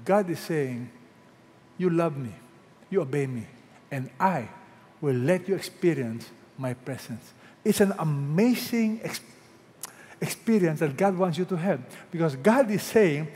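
A man preaching to his congregation in a high, ringing voice. He fires rhetorical questions at them, rising to loud emphatic peaks, then drops to a hush to draw out a quote. Long reverb from the hall trails behind every line. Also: sing-song. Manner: swings between loud emphatic peaks and hushed drawn-out quotes. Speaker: pastor. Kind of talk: sermon.

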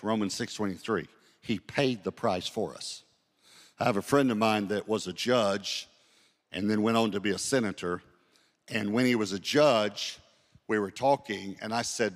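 Low-voiced male pastor preaching in a reverberant hall. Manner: storytelling with quoted dialogue, slows down to read scripture. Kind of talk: sermon.

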